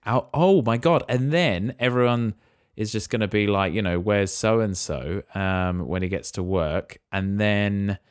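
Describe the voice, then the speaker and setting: Low-pitched co-host guy riffing goofy plot guesses, laughing a lot. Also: unhurried, clear, resonant tone. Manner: speculative, jokey, laughs at his own guesses. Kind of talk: casual chat.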